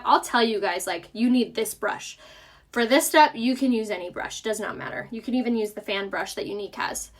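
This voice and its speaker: A young woman with a light Southern US accent talks through a makeup tutorial in a slightly high, bright-pitched voice. She sounds chatty and upbeat, and she breaks off often to answer viewers' questions in a relaxed, friendly way. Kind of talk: casual live makeup tutorial.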